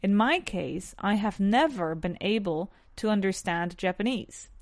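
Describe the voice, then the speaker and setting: A woman's voice: mid-range voice, lively intonation, a little slow, no echo, studio quality. A woman with a Spanish accent teaching English on a podcast, asking numbered questions and answering them in full sentences.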